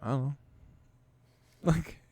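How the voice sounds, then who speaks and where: There's no room sound around this fairly quick, mid-range voice of a man in his thirties co-hosting a podcast. In casual chat he rambles through a profane family story, acting out the dialogue and swearing freely.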